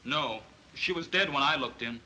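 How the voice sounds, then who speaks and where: A man playing the detective's eager, excitable young son in a 1930s film. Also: mid-range voice, normal speed, a little hiss or hum.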